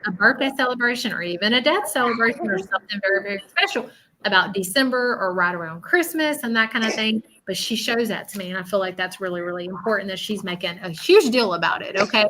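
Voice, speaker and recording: Southern woman medium, bright voice with a faint hiss behind it, soothing and repetitive on a live reading. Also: medium pitch, quick pace, poor audio. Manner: reassuring, repeats herself, keeps asking okay. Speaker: spiritual medium.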